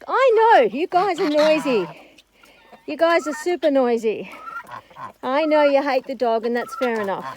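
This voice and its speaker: A breathless woman outdoors on a farm, training her dog with sharp calls and muttered asides to the camera. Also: on the high side, background noise. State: breathless after illness. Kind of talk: casual vlog commentary. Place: outdoors on a farm among poultry. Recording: outdoor phone video with loud birds. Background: clucking fowl and geese.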